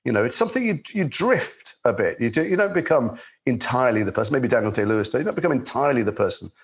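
A man with a London accent, an actor telling anecdotes in relaxed chat, with many restarts. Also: mid-range voice, fast talker. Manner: lively storyteller, swears in quotes, many restarts. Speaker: actor guest.

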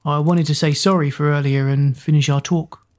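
A woman's voice: deep voice, fairly even intonation, moderate pace, a little mellow, close to an everyday voice. A woman voicing a shy, awkward teenage schoolboy. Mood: earnest.

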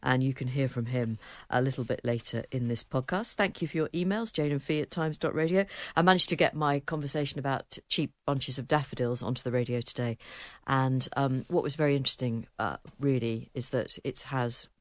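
Dry, low-voiced woman radio host. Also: fairly quick, few pauses, no room sound. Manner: chatty, wry, reads listener emails aloud. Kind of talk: casual chat.

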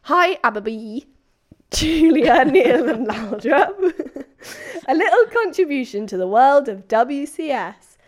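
A woman's voice: sits high, big pitch swings, slow pace. A woman co-hosting a podcast, reading a listener's story aloud in a chatty, playful way and breaking off to joke. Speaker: podcast co-host.

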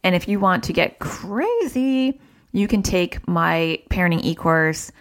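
A woman in her thirties, a child therapist, giving parenting advice in a chatty, animated way. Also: lowish voice, a little slow. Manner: chatty, animated when quoting family. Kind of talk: casual advice talk.

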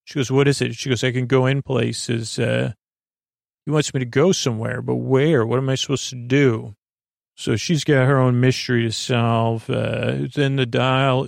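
A man retells an episode in loose, rambling podcast talk, full of fillers and restarts. His middle-pitched voice has a gravelly edge. The recording is dry and close, with no room sound. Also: no room sound. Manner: rambling, many fillers and restarts, quotes characters in his own voice. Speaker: podcast host. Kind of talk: casual episode recap.

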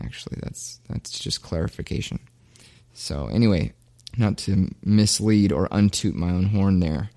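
A man's voice: on the low side, vocal fry, darkish tone. Chatty man with self-deprecating asides. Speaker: podcast host. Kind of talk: casual commentary.

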